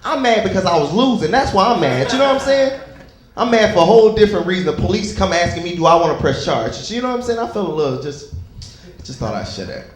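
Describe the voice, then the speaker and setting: A man's voice: high-pitched, sing-song, fast talker. Loose-talking comedian man in an echoey club. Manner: loose, conversational, crowd work with asides. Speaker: stand-up comedian. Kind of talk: stand-up comedy set.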